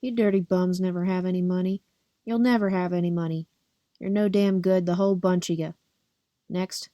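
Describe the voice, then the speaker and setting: A woman's voice: lowish voice, fairly even intonation, moderate pace, dark tone, no room sound, clean studio sound, close to an everyday voice. A woman voicing a harsh, contemptuous male police officer who snaps insults in an audiobook. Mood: scornful. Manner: snapping, insulting.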